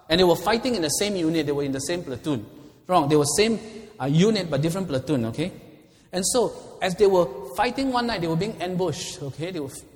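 A man preaching a sermon as pastor, impassioned, swinging from quiet to loud. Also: fairly high pitch. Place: church hall. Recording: long reverb of a large hall.

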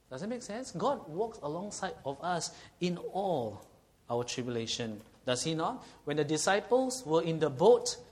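A man preaching a sermon, earnest and often checking in with the congregation. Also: fairly high pitch. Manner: earnest, asks the congregation frequent questions.

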